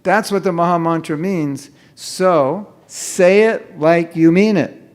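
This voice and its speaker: A man's voice: on the high side, slow. A man leading a live chanting workshop for an audience, joking often and mimicking careless mumbled chanting to make his point. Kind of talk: humorous live workshop talk. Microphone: microphone.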